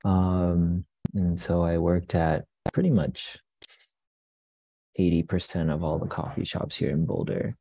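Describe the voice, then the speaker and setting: Young man, low voice, husky, dry close sound, relaxed rambling interview guest. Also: a little slow, no echo, highs cut off. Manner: relaxed, rambling with many fillers and restarts. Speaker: guest, coffee business owner. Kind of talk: casual interview storytelling.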